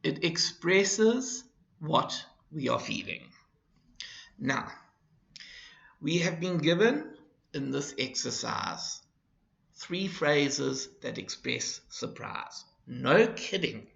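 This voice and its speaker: A man teaching an English lesson, explaining slowly and deliberately to his class. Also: on the high side, very animated, gravelly, fairly bright tone. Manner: deliberate, with acted example phrases. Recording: roomy, dull lo-fi recording.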